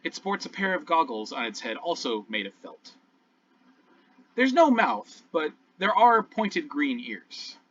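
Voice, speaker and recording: A man's voice: a little high, big pitch swings, unhurried, a bit bright. A man narrating scenes as game master of an online tabletop game, describing things at length with fillers and restarts. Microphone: online voice call. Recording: distant, dull lo-fi call audio.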